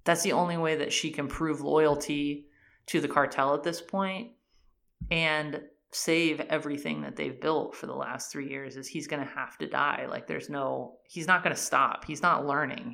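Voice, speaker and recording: A woman's voice: low-pitched, fairly even intonation, moderate pace, vocal fry, bright, forceful tone. A woman in casual chat, animatedly retelling a TV series' plot and acting out the characters' lines with many "like"s. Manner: frequent fillers "like" and "um".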